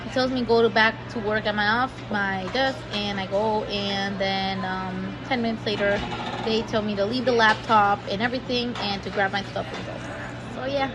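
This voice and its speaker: A woman's voice: mid-range voice, steady tone, moderate pace, music in the background, poor audio. A woman telling a rambling story-time account in a frustrated voice, with many fillers. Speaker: storyteller in a clip.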